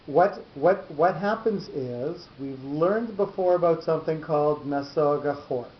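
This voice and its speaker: Guy teaching torah chant notes, patient, kinda high voice, echoey lo-fi room. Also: unhurried. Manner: patient, explains step by step with restarts. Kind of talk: classroom lesson on cantillation.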